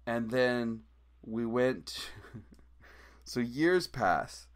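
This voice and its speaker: A man's voice: medium pitch, drawn-out words. A man on a podcast as a guest musician, telling a story casually and acting out the quotes. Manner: animated, acts out quotes in the story.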